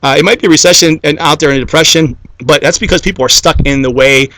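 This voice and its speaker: A man delivers a rapid-fire motivational talk, fairly high-pitched for a man. He preaches to the crowd in repeated parallel phrases and keeps tossing in "okay?" to check they're with him. The sound is dry and close, with almost no room around it. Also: pushed and bright, no room sound. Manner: repetitive, builds lists of parallel phrases. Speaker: motivational speaker.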